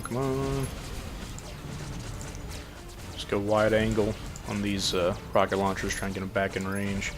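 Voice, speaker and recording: A man casually commenting on a game while he plays, matter-of-fact and relaxed. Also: on the low side. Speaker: gameplay commentator.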